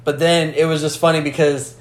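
A man in casual film discussion, animated, acting out movie lines as he retells scenes. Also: on the high side, brisk, reverberant. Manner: animated, acts out movie lines in character voices.

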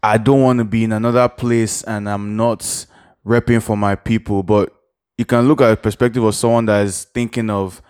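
Low-voiced man, dry close mic. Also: level tone, normal speed, darkish tone, smooth, no echo. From Nigeria. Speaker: guest musician. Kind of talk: casual podcast chat.

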